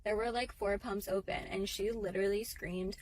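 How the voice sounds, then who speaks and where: A woman's voice: medium pitch, steady tone, normal speed, a little mellow, a little hiss or hum, rough recording. A young woman at a gas station gives incredulous, exasperated commentary while filming on her phone. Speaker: person filming a confrontation. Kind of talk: casual phone-video rant.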